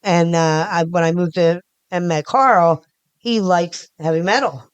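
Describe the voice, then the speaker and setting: With a fairly low, smooth voice at a measured pace and no echo, a middle-aged Philadelphia-area woman rambles through a casual podcast interview. She restarts a lot and talks with her hands.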